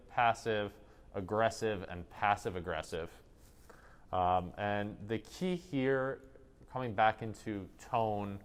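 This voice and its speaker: A man leads an improv workshop for teachers, explaining lessons in a conversational way. His voice sits low and comes across smooth and clear. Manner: conversational, demonstrates tones of voice.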